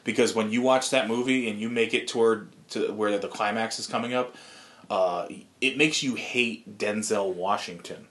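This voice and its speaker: Male podcast co-host, thirties, low voice, loose profane banter. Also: moderate pace, fairly bright tone. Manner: loose, profane, laughs often. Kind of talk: casual chat.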